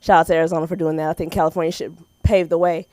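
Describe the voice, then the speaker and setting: A stand-up comedian with an American accent and a low voice rattles off stories rapid-fire at an open mic, acting out the people in them. She's animated, with acted-out quotes and laughs. The recording is dry.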